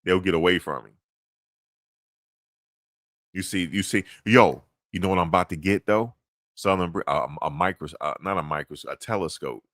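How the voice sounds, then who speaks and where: Laid-back deep-voiced man rambling. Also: moderate pace, pauses often, fairly bright tone, no room sound, clean studio sound. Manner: laid-back, rambling, chuckles at own jokes. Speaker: podcast host. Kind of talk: casual chat.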